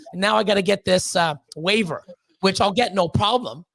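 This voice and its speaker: A man in his fifties, a guest on a live stream, casually telling a long story, profane and rambling, getting animated when he quotes people. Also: high-pitched, normal speed, creaky. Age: 50s.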